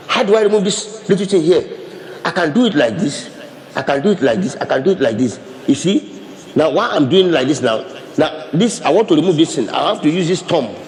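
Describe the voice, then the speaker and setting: Pastor guy preaching, kinda high voice, repeats himself a lot, big echoey hall. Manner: animated, repeats and restarts phrases, demonstrates with hands. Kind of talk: sermon. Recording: long reverb of a hall.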